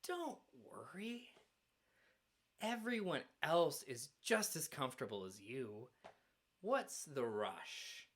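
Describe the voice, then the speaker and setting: A male minister voicing a lazy, coaxing alarm clock that whispers slowly during a sermon. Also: fairly high pitch, very animated, exaggerated voice. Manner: hushed, slow and lulling.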